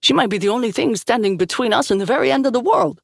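A woman's voice: fairly high pitch, animated, fast talker, vocal fry, dry recording, clean studio sound, pitched above the performer's own voice. A woman voicing an earnest male priest who pleads in a heated way.

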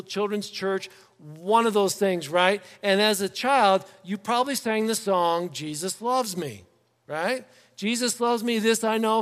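A man preaching a sermon to his congregation in a church, in a conversational, animated way, slipping into quoted voices. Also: sits high, big-room sound. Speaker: pastor. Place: church sanctuary.

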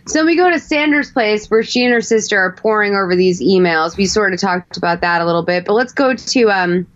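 A woman hosting a podcast, recapping a movie in casual chat, animated and full of swearing. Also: mid-range voice, fairly quick, dull audio. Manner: animated, swears a lot, acts out characters. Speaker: podcast host.

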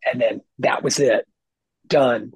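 A middle-aged man, a guest guitarist, telling stories in casual podcast chat with lots of swearing and animated emphasis. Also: mid-range voice, takes it slowly, slightly rough, dry recording, rough recording. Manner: profane, animated storyteller. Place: lives in Nashville.

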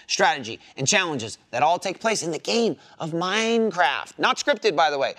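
Casting: podcast host from New Jersey, male, bright lively voice, jokey and profane. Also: high voice. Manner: animated, swearing, playful. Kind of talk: casual chat.

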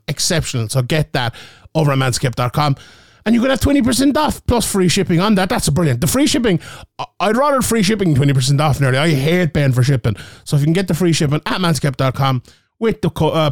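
A man's voice: on the high side, no echo, clean studio sound. A young man hosting a podcast from his home office, reading ads and chatting in a jokey, rambling way that keeps correcting itself. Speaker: podcast host. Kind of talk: casual ad read and sports chat.

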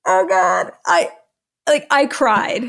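A woman's voice: mid-range voice, animated, takes it slowly. A woman guest in an interview, talking enthusiastically and a little rambling, often laughing between thoughts. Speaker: podcast guest. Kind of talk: conversational interview.

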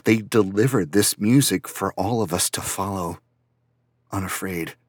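Male audiobook narrator, deep-ish and husky, quiet and reflective, dry close sound. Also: a little slow, no room sound. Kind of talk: first-person audiobook narration.

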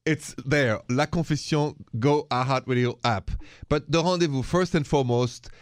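A man's voice: medium pitch, normal speed, dry recording. A man with a French accent hosts a call-in radio show, playful and light, with French greetings in his talk. His voice sits mid-range. It is recorded close and dry in the studio. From France. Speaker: radio host.

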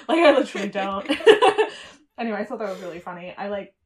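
A woman's voice: mid-range voice, big pitch swings, a little fast, a crowd in the background. Woman cohosting a podcast, chatty, laughs a lot, lots of likes and ums. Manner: chatty, laughs often, many fillers. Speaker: podcast co-host. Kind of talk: casual chat. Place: Germany.

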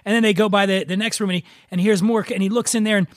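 A man's voice: sits high, fairly even intonation, very fast, dry recording, studio quality. A man hosting a casual drinks podcast, chatting and telling jokes with frequent stammering restarts. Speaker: podcast host. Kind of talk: casual chat, joke telling.

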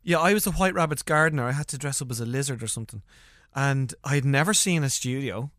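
An Irish comedian, a man with a mid-range voice, talks fast as a guest in a casual interview, recorded clean and dry in a studio. He's an animated storyteller who laughs often and acts out the voices of the people in his funny stories.

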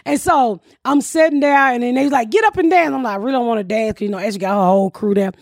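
Raspy high-voiced woman telling a profane story. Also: quick pace, no echo, clean studio sound. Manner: profane, animated storytelling with laughter. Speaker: podcast host. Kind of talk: casual storytelling chat.

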